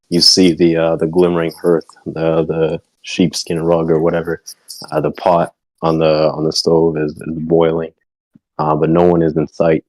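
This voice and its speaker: A man's voice: low-pitched, darkish tone, no room sound, rough recording. A man acting as game master, narrating a tabletop game in a casual manner with lots of fillers and occasional swearing.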